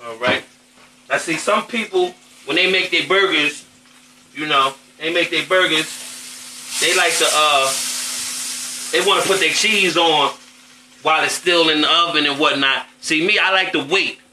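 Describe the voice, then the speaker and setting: Man, cooking show host, very bright voice, slangy casual chatter, kitchen with food frying behind. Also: on the high side, measured pace, long pauses, reverberant, slight background noise, rough recording. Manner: chatty, slangy, keeps asking "you know what I'm saying". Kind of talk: casual cooking demo chat.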